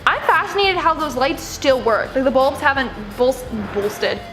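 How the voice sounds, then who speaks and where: A woman's voice: sits high, lively intonation, normal speed. A woman chatting enthusiastically while reacting to a video, gushing and laughing easily. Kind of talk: casual reaction chat. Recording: echoey room with loud music.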